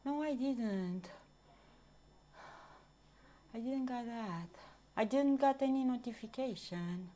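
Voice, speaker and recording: A woman's voice: a little high, expressive, takes it slowly, pauses often, mellow. A woman livestreaming at home, out of breath after a workout and chatting casually with her viewers. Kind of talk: casual live stream chat. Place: home, moving into a kitchen.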